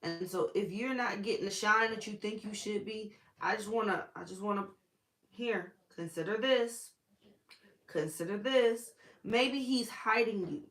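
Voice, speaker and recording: A woman's voice: mid-range voice, a little slow, a bit bright, roomy sound. A woman preacher, teaching the Bible in a casual, chatty way with sassy asides.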